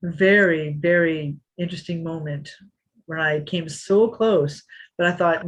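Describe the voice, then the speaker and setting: Brief: husky woman in her fifties, lively storyteller acting out the quotes. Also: sits low, a little slow, poor audio. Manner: animated, acts out quotes. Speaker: interview guest, former kickboxing champion. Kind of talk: storytelling in a podcast interview.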